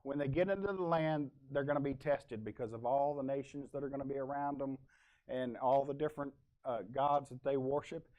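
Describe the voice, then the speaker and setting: A man preaching a sermon at a middle pitch, talking to the congregation the way you'd talk to friends. He keeps asking the room questions and drifts into little asides, with plenty of fillers along the way. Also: steady tone, a little fast, darkish tone, highs cut off. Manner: conversational, asks the congregation questions. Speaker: pastor.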